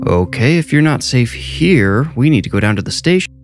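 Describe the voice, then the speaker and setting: A man's voice: medium pitch, expressive, moderate pace, pitched above the performer's own voice, natural voice. A man voicing a wry, easygoing male night-shift cop with a friendly but firm manner. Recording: narration over clear background music.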